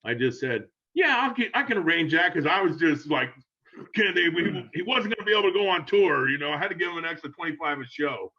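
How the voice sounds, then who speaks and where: A man's voice: a little high, fast, husky. Rambling older man telling a story. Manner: rambling, animated, laughing, acts out quotes in raised voice. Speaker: guest storyteller. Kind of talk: casual storytelling. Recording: dull lo-fi sound.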